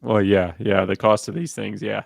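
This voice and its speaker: A man co-hosting a sports podcast, rambling in a relaxed way with lots of fillers and restarts. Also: on the low side, moderate pace, vocal fry, no room sound. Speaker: podcast co-host. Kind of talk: casual sports chat.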